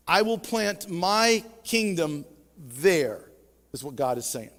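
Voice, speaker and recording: Male pastor, high voice, emphatic preaching style, church hall reverb. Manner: preaching with emphatic swells and drops. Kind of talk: sermon. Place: church sanctuary.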